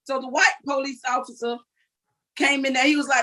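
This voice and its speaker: A woman's voice: sits high, level tone, fairly quick, fairly bright tone, low-quality recording. An older woman, giving an earnest, vivid personal account as an interview guest. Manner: earnest, recounting vividly with quoted dialogue.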